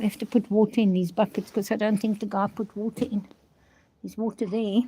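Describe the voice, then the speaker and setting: A woman's voice: a little high, steady tone, brisk. Older woman, chatty rambling vlog talk, outdoors at a stable, phone camera. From South Africa. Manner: chatty, rambling, talks fondly to her horses. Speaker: vlogger. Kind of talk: casual vlog chat.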